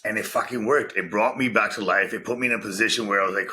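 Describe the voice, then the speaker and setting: A man's voice: lowish voice, fairly even intonation, quick pace, hardly any pauses, pushed and bright. A man from Vancouver, a podcast guest, telling his story in casual chat and swearing constantly. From Vancouver, Canada.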